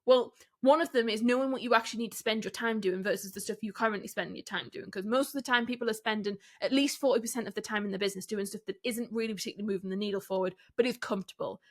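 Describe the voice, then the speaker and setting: A woman with a mid-range voice hosts a solo business podcast. She coaches listeners directly and candidly, using rhetorical questions and quick laughs.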